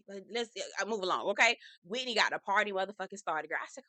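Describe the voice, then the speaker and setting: A woman's voice: mid-range voice, animated, quick pace, bright, forceful tone, no room sound. A woman casually recapping a reality TV episode in a sassy, profane, gossipy way, slipping into impressions of the cast. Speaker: reality TV reviewer.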